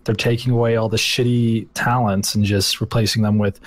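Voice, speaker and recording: A man's voice: fairly low pitch, little pitch movement, fairly quick, no room sound. A man co-hosting a casual podcast chat, swearing freely and joking eagerly. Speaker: podcast co-host.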